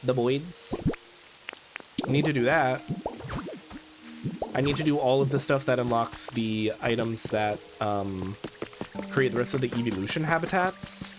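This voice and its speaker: A man's voice: medium pitch, a little slow, long pauses. Campy, chatty male game streamer. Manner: campy, chatty, jokey asides to chat. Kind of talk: casual gameplay commentary. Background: game music.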